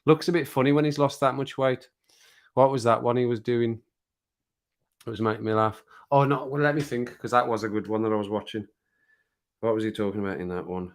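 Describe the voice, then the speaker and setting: A man's voice: medium pitch, brisk. A man with a Midlands accent from England, rambling casually on a live stream, chuckling and poking fun at himself. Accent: Midlands English. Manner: rambling, chuckling, self-mocking.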